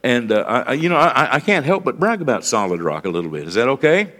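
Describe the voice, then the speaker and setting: A man's voice: medium pitch, big pitch swings, fast talker, fairly bright tone. A middle-aged man, preaching a sermon in a folksy style full of repeated phrases and asides. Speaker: pastor.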